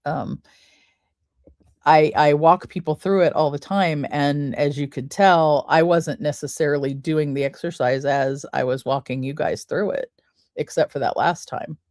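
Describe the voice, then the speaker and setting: A woman podcast host talking listeners through a breathing exercise in a slow, soothing way, counting the breaths aloud. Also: sits low, steady tone, a little mellow, no echo, clean studio sound. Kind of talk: guided breathing and wellness talk.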